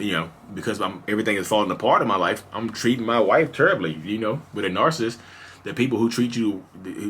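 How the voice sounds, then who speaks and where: A man's voice: fairly low pitch, pushed and bright, breathy edge. A man in his thirties telling his own story on a podcast in a casual, confessional way, with lots of "you know" fillers. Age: 30s. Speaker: podcast host. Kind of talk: candid personal storytelling.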